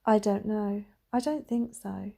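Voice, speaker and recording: A woman reading as a soft, tired mother. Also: medium pitch, steady tone, unhurried, vocal fry. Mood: hushed tender. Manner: soft, hushed and gentle. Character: tender, tired mother soothing her son at night.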